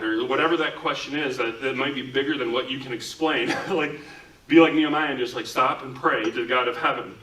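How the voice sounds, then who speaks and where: Bright-voiced man preaching in an echoey room. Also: mid-range voice, a little fast, recorded from a distance. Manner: casual, talks with frequent "like" fillers. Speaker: pastor. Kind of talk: conversational sermon. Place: church. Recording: echoey room, speaker away from mic.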